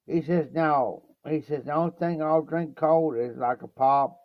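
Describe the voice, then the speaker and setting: With a voice on the high side, a man from Ohio unhurriedly strings together a meandering livestream anecdote with few pauses, constantly saying "I said" and "he says." There's no echo, though the stream audio is dull and lo-fi.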